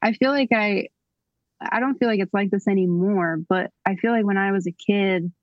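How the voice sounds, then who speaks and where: A young adult woman, a singer-songwriter guest, speaking in relaxed casual chat full of fillers. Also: medium pitch, moderate pace, no room sound, dull audio. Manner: relaxed, filler-heavy, reassuring.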